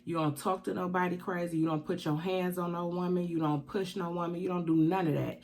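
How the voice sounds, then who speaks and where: A woman's voice: fairly low pitch, fairly even intonation, brisk, a little mellow. A woman vlogging tearfully, speaking with emphatic, preaching repetition. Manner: emphatic, repeats points like preaching. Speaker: keto mukbang vlogger. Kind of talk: emotional personal vlog confession.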